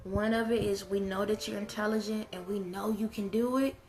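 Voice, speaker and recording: A woman's voice: mid-range voice, fairly even intonation, brisk, darkish tone. Woman, middle-aged, parent vlogger, earnest, down-to-earth, casual advice, faint background noise. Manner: candid, earnest, down-to-earth, speaks straight to viewers. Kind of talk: casual advice talk to camera.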